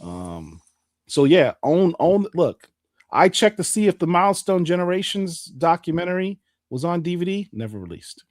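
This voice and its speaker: A man in his forties hosting a casual podcast chat about comics news, talking in an animated, playful and emphatic way. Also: sits high, normal speed, no echo, clean studio sound. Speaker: podcast host.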